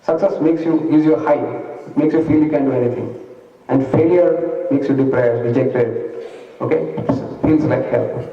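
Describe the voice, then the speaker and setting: A man's voice: on the high side, normal speed. A man, giving a motivational talk and telling a story to an audience in a large hall. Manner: storytelling, asks the audience questions. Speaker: motivational speaker. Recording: echoey hall from far off, dull.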